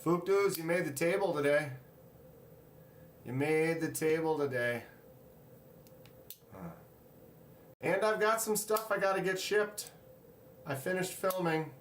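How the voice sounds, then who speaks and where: A man's voice: fairly high pitch, a little slow, long pauses, slight background noise. A man hosting a casual livestream, reading viewer comments aloud and greeting people in the chat. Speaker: livestream host. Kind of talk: casual live-stream chat. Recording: roomy, echoey room sound.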